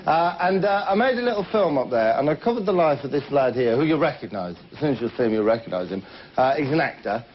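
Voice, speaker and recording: A man's voice: mid-range voice, animated, fast. Cheeky male comic host, rambling monologue; dull, hissy vintage TV audio. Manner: cheeky, rambling, tall tales with asides to the audience. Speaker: comedy show host. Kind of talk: stand-up monologue in character. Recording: muffled old TV recording with hiss.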